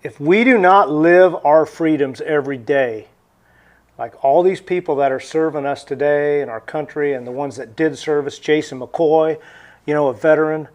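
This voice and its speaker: A man's voice: fairly high pitch, normal speed, a little mellow. A man with a Midwestern American accent, a farmer guesting on a talk show, speaking earnestly and emphatically. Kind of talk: casual political chat.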